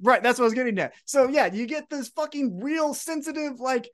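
A man co-hosting a wrestling podcast, recapping events in an excitable, profane, casual chat. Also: extremely high pitch, brisk. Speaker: podcast co-host.

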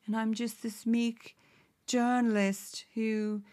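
A woman's voice: on the high side, flat delivery, slow pace, warm tone. A woman voicing a meek male grifter journalist who speaks in an affected, lilting, fake British accent. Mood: mock-meek. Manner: meek, mock-earnest.

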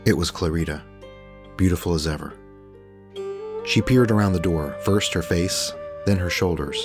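A man narrating a scripted story in a measured, even reading. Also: low voice, over music.

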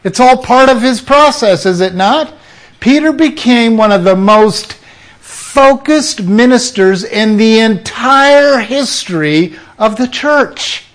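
Man, preacher, sermon, high voice, slow delivery, emphatic, rhetorical questions. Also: expressive. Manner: emphatic, rhetorical questions, drops to quiet asides.

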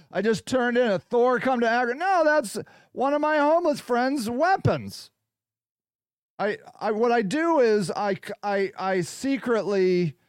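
A man with a high, smooth voice hosts a casual livestream podcast, rambling from one thought to the next and answering viewer comments. He speaks slowly, and the room sound is dry and close. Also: no echo. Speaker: podcast host.

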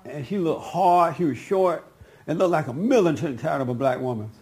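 Gravelly man telling a family story. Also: on the high side, moderate pace. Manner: animated, laughing, quoting others in a raised voice. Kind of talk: casual personal anecdote.

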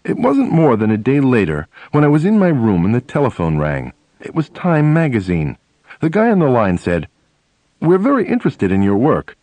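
A man narrating a first-person memoir audiobook, telling stories in an animated way. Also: mid-range voice, normal speed, no echo. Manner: animated storytelling, acting out dialogue.

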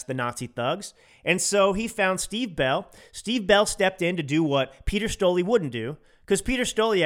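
A man's voice: on the high side, fairly bright tone. A man from the United States hosting a podcast, giving emphatic, ranting political commentary and repeating phrases for effect. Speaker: podcast host.

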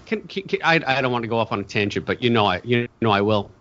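A man's voice: mid-range voice, expressive, quick pace, a bit bright. A man co-hosting a casual podcast, joking, rambling and cutting himself off. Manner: rambling and self-interrupting, joking. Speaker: podcast co-host. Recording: dull lo-fi sound.

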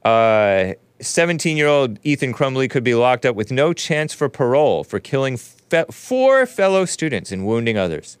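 A man's voice: medium pitch, sing-song, normal speed, hardly any pauses, clear, resonant tone, no room sound. Sarcastic rambling male show host. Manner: sarcastic, rambling, with frequent laughs and asides. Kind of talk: casual commentary monologue.

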